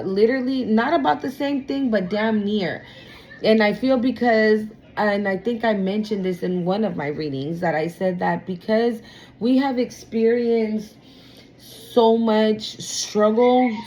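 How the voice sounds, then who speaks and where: A woman's voice: medium pitch, a little mellow, slight background noise, poor audio. A woman giving a casual tarot reading to her viewers, blunt and emphatic, swearing freely and calling them y'all. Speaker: tarot reader.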